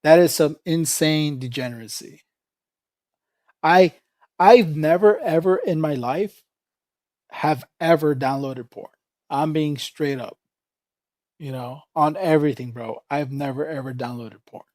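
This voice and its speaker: A male livestreamer chats loosely with his viewers, swearing freely and laughing between thoughts. His voice sits somewhat high for a man. The sound is dry, with no room echo. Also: measured pace, long pauses, a little mellow. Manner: rambling, profane, laughs often. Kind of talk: casual livestream chat.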